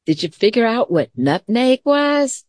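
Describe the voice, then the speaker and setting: A middle-aged woman teacher giving a gentle, calm mindfulness lesson to children, mixing story time with questions to the class. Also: on the high side, a little slow, dry recording, clean studio sound.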